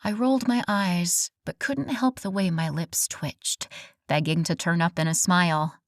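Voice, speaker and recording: A woman narrating a first-person romance audiobook in an expressive, scripted reading. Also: on the low side, measured pace, no room sound, studio quality.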